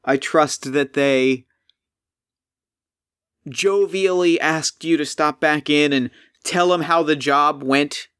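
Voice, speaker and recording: A man voicing a huge, weary flesh golem scientist who speaks slowly, formally and apologetically with frequent sighs. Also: a little high, a bit bright, smooth, no echo, clean studio sound. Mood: weary, polite. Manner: slow, sighing, formal and apologetic.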